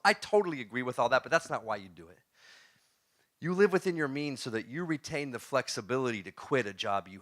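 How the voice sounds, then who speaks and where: A man giving a storytelling talk to a live audience. He is animated, laughs often, and throws questions at the crowd. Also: medium pitch. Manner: laughs often while telling stories. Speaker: motivational speaker.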